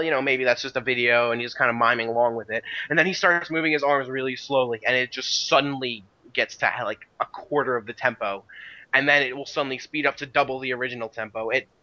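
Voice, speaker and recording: Bright, rambling man on a lo-fi podcast. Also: mid-range voice. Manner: rambling, many restarts and "you know" fillers. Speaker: podcast co-host. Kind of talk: casual chat about video game history.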